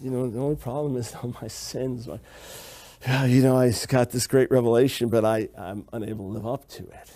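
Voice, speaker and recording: A man delivers a Bible teaching lecture, reading Hebrew passages aloud and emphatically repeating key phrases to drive his points home. His mid-range voice is mellow and brisk, with fairly even intonation.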